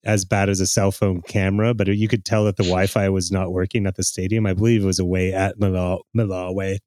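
Deep-voiced man chatting about football. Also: level tone, brisk, darkish tone, dry recording. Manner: chatty, hesitant with many fillers. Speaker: podcast co-host. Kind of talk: casual sports chat.

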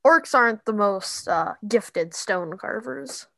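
A woman runs a tabletop game as game master, narrating in a loose, halting way full of fillers. Her voice sits in a middle range for a woman and sounds dry and close, with almost no room around it. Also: mid-range voice, animated, creaky, fairly bright tone, no echo. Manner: casual, halting, many fillers.

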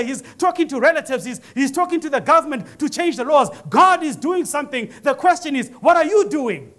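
High-voiced animated preacher man. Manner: animated storytelling preacher, acts out voices in quotes. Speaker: pastor. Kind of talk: sermon. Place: church.

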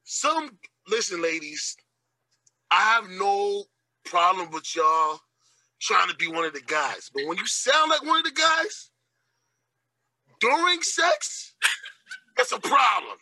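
A man hosting a casual podcast, telling crude stories in an animated, profane way with loud outbursts. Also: high voice, slow, pauses often, no room sound, low-quality recording. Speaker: podcast host. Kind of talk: casual, crude comedic chat.

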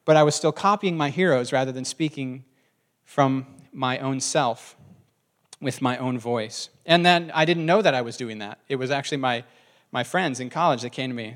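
A man's voice: mid-range voice, moderate pace, a bit bright. A man preaching a sermon in a conversational way, often asking the congregation questions. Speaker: pastor.

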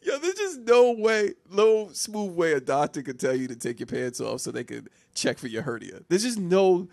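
A man's voice: high-pitched, big pitch swings, moderate pace, vocal fry, a little mellow, no room sound. A man telling a comic personal story on a podcast, laughing a lot and restarting his sentences. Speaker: podcast co-host. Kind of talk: comedic storytelling chat.

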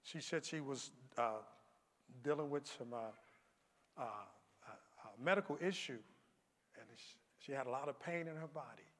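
A man preaching a sermon as pastor, moving from quiet storytelling to shouted calls. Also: on the high side, normal speed, pauses often. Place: church sanctuary. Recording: long hall reverb.

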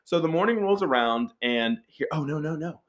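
A man telling a wild story to friends in a casual, profane, animated way, acting out the quoted lines with big jumps in his voice. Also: a little high, normal speed.

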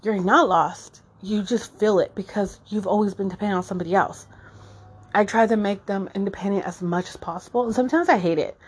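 Woman host, 30s, raw emotional monologue with plenty of swearing and fillers, mid-pitched voice. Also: brisk, slightly rough. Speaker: podcast host. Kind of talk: casual personal monologue.

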